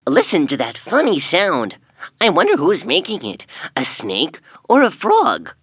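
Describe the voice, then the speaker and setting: A woman voicing an upbeat young hero in a toy's story, speaking with bright enthusiasm. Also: on the low side, wildly swooping pitch, normal speed, husky, no echo, exaggerated voice. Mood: cheerful. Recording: tinny lo-fi toy speaker with soft music.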